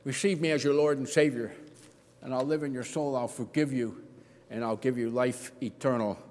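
A man's voice: mid-range voice, steady tone, moderate pace, darkish tone. A middle-aged man preaching an earnest sermon, acting out the voices he quotes. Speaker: pastor. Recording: long hall reverb.

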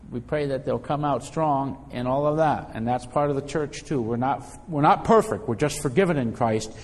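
Conversational preacher in a reverberant hall. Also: male voice, medium pitch, darkish tone. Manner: conversational, repeats words while finding phrasing. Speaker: pastor. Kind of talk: sermon.

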